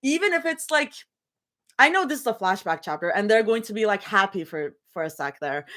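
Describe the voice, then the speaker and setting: Speaking at a brisk clip in a medium-pitched voice, a young woman livestreams from her bedroom before reading fan fiction. She rambles casually, giggles frequently, and now and then yells with excitement.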